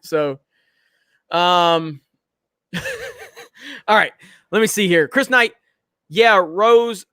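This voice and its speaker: Male host, casual livestream chat, blunt, confrontational, high voice, dry sound. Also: sharp tone, dry recording. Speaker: show host.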